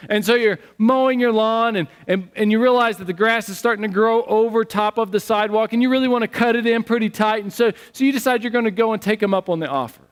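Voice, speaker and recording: A man preaching a sermon as pastor, telling stories in an animated, conversational way. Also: sits high, fast talker, hardly any pauses, clean tone. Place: church sanctuary. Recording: long church hall reverb.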